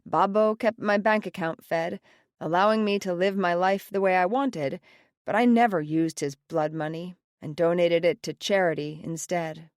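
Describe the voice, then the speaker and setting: Lower-voiced woman narrating an audiobook. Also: normal speed, no room sound, clean studio sound. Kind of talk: first-person scripted narration. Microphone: close studio mic, dry.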